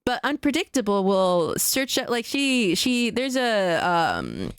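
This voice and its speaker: A woman's voice: mid-range voice, big pitch swings, slow, clear, resonant tone, dry recording, studio quality. A young woman streaming live, chatting casually in a rambling, profane rant full of restarts. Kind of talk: casual livestream chat.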